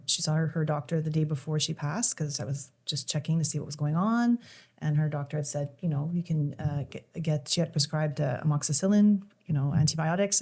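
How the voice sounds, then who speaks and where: A middle-aged woman speaks in a gravelly, mellow low voice. She tells her story haltingly and with deep emotion, stumbling and starting sentences over. Her tone stays conversational, as in a podcast chat. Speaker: podcast guest.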